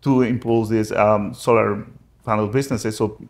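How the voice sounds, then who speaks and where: Creaky-voiced immigrant businessman telling stories. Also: fairly even intonation, normal speed. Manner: acts out quoted dialogue with sudden pitch jumps, frequent restarts. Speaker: real estate agent and business owner. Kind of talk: casual interview storytelling.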